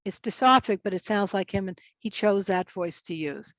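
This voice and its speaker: A woman's voice: medium pitch, normal speed, no room sound, highs cut off. A woman speech pathologist giving a conference presentation in a casual, chatty way, often restarting her sentences. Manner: casual, chatty, self-correcting.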